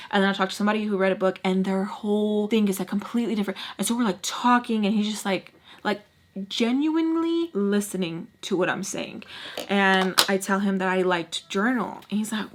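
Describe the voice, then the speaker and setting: A woman's voice: medium pitch, fairly quick. Young woman telling a storytime vlog. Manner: casual, swearing, animated retelling. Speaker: vlogger.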